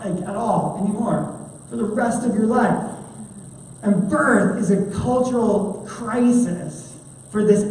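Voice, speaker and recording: A woman giving an animated conference training talk to children's ministry volunteers, chatty and full of fillers. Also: mid-range voice, a little hiss or hum. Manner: chatty, animated, many fillers, acts out quotes. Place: large church hall. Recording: echoey hall from far off.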